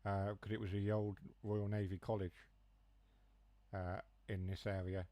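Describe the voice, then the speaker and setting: A man's voice: on the low side, little pitch movement, unhurried, dark tone, no room sound. A young man with a Huthwaite accent from near Mansfield, rambling through joking asides as he streams a train game and drops his H's and T's. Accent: Huthwaite, Nottinghamshire. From Mansfield area, England. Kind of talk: casual chat while gaming.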